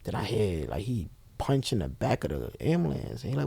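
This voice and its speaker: A man's voice: on the low side, a little fast, gravelly, slightly rough, no room sound. A man, a guest telling an emotional story and acting out the voices of others. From Brooklyn, New York. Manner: animated, acts out the voices of others as he retells.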